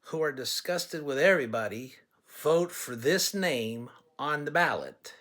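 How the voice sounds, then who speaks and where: Here a Californian candidate tells stories to listeners in plain-spoken, folksy campaign talk aimed right at them. He speaks unhurriedly yet with hardly any pauses, in a mid-range, fairly bright voice.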